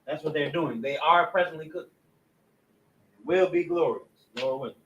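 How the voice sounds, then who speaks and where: A man leads a language class, spelling words out syllable by syllable as he writes. His voice sits a little high, and the recording sounds dull and lo-fi. He stops now and then to fix his own mistakes aloud. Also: fairly bright tone, roomy sound, slight background noise. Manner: spells words out slowly, corrects himself aloud. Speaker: class teacher. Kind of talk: Hebrew language lesson at a board.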